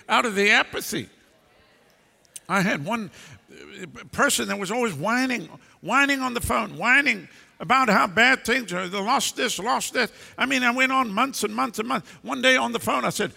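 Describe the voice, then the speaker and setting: A man's voice: very high voice, animated, moderate pace, gravelly, sharp tone, slightly rough. A male pastor preaching a sermon in a large church, blunt and emphatic, breaking into scolding bursts. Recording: long hall reverb.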